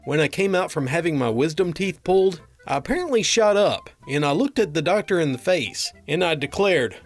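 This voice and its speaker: A man's voice: a little high, lively intonation, fairly quick, soft background music. A man narrating a string of funny doctor and patient stories, with a dry comic delivery. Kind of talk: reading funny anecdotes aloud.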